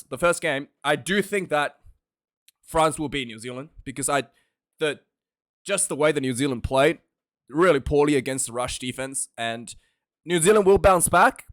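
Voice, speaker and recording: A man hosting a casual rugby predictions vlog, talking in an animated, jokey, ranting way with loud outbursts. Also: fairly high pitch. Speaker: rugby vlogger.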